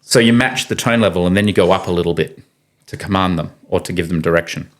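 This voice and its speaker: Deep-voiced and talking fast, a man on a podcast in a studio room tells casual stories. His storytelling is conversational and animated, with quoted voices acted out energetically.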